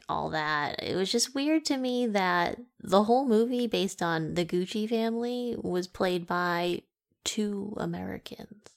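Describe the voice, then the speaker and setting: A woman's voice: on the low side, vocal fry. A woman co-hosting a casual podcast, chatty and sarcastic, often breaking into laughter. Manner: sarcastic, teasing. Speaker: podcast co-host.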